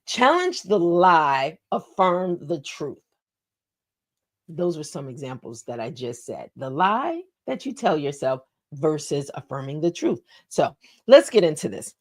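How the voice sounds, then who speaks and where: A woman's voice: deep voice, big pitch swings, measured pace. A woman hosting a motivational talk. She is encouraging, repeats key phrases and asks listeners questions. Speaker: host.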